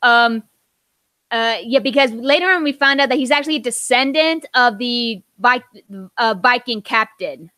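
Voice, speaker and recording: A woman co-hosting a podcast in casual chat, halting and full of restarts as she gathers her thoughts. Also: a little high, bright, forceful tone, dry recording. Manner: halting, many fillers and restarts. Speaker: podcast co-host.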